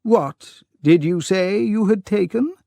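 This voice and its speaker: A man's voice: high voice, slow, creaky, mellow, no echo, pitched above the performer's own voice, heavily acted. A man reading an audiobook, voicing a flustered elderly English lord who splutters indignant questions in a raised voice. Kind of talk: audiobook character voice.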